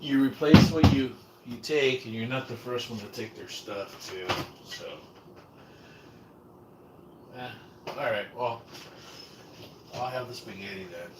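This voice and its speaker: A man's voice: mid-range voice, takes it slowly, pauses often, heavy background noise. A man from California livestreaming casual chat, rambling and swearing, often trailing off and restarting. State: low blood sugar, shaky.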